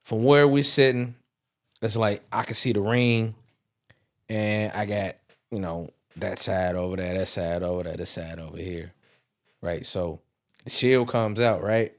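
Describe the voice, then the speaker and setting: A man on a wrestling podcast panel, chatting casually and telling animated stories, swearing freely as he goes. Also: lowish voice, a little slow. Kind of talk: casual chat.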